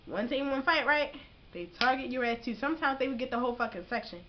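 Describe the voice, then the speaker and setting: A young woman giving casual, profanity-heavy advice in a vlog, telling her story in a slangy, animated way. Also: sits high, fast, muffled recording, a little hiss or hum. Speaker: vlogger giving boot camp advice.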